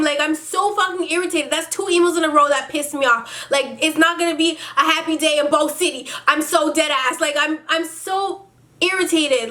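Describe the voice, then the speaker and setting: A woman hosting a vlog, reading out viewer emails and then ranting about them in a profane, exasperated way. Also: sits high. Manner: reads emails in a slow, flat storytelling tone. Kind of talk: casual advice vlog.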